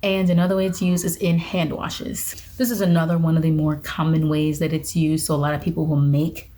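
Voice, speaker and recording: A young woman chats casually to the camera for her vlog. Her voice is mellow and sits a little low, and she pokes fun at herself as she laughs off her own slips. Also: little pitch movement, a little fast. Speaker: witchcraft vlogger. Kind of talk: casual talking-head vlog.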